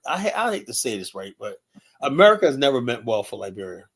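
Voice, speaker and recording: A man with a New York accent rambles through a casual opinion chat as host. He keeps looping back with "you know" and stays animated. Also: mid-range voice, fast talker, slightly rough. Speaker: show host.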